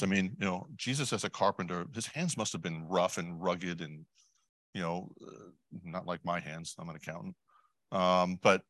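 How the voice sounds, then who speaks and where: A man with a lowish voice delivers a sermon in a loose, conversational way. He breaks off for asides and questions to his listeners and clears his throat now and then. The sound is dry and close, with no room around it. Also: a bit bright, no room sound. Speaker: lay preacher.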